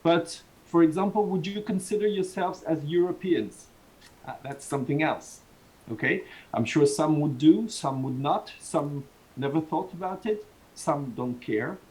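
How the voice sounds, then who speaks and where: A man's voice: a little high, unhurried, darkish tone, poor audio. A man from Southern France with a Southern French accent, giving an online university lecture in a rambling, restarting way with small chuckles. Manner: rambling, many restarts, chuckles between points. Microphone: video call.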